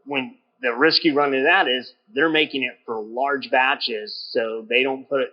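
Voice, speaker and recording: A man's voice: medium pitch, fairly even intonation, a little slow, muffled recording. Chatty man host in a brewery. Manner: rambling, chatty, with many restarts. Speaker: podcast host. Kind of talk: casual interview chat. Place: brewery taproom.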